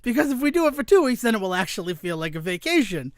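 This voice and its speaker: A podcast co-host in casual chat, telling stories in an animated way and swearing freely. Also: male voice, sits high, fast, no echo, studio quality.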